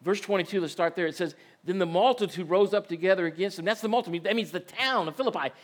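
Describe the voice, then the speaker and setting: High-voiced preacher asking folksy questions. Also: male voice, quick pace. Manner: folksy, asks the congregation rhetorical questions. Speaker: pastor. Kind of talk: sermon.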